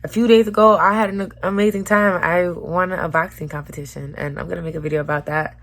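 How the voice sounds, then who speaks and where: A woman's voice: fairly low pitch, fairly even intonation, quick pace, a bit bright. A woman vlogger talking frankly and emotionally into the camera, with casual slang and swearing. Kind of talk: candid personal vlog talk.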